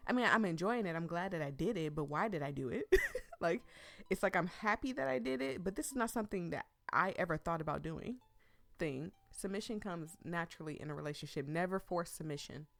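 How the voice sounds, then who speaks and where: A woman's voice: lowish voice, fairly quick, creaky, a bit bright, no echo. A woman giving chatty, ranting commentary while playing a visual novel. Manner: chatty and ranting, talks back to herself. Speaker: let's play streamer. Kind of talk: casual let's play commentary.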